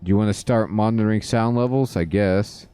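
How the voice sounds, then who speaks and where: A man's voice: lowish voice, fairly quick, mellow, smooth. A man casually commenting while playing a game and reading out its dialogue. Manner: mumbling, reading dialogue aloud. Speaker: let's play gamer.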